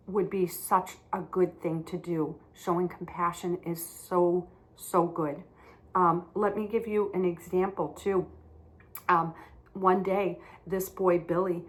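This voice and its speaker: A woman teaching young children, speaking gently, with simple, repeated words. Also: fairly low pitch.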